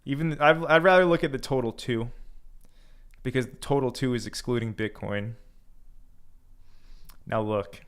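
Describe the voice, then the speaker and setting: A young man hosting a livestream, speaking casually with lots of fillers and restarts. His voice sits at an ordinary middle pitch. He reads viewer comments aloud between his own thoughts. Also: normal speed, long pauses, a bit bright, smooth. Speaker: crypto livestream host.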